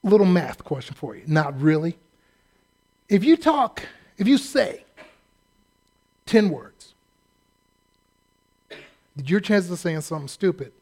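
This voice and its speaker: Animated high-voiced male preacher. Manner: lively and animated, acting out quotes. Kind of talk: sermon.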